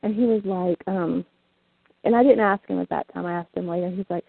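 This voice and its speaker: Gravelly husky woman on a phone line. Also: fairly low pitch, a little fast, no echo. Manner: frank, bawdy storytelling with frequent laughter. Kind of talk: casual chat. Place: small southern town. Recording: tinny phone line, dry.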